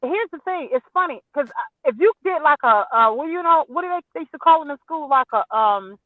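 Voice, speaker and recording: A woman guest chatting casually, halting and searching for words. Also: sits high, lively intonation, no room sound. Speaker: livestream guest. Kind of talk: casual chat. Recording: tinny phone line.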